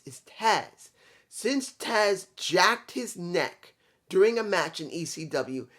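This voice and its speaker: A man's voice: a little high, a bit bright. A man reviewing a wrestling show in a casual, rambling way, with some swearing and restarts.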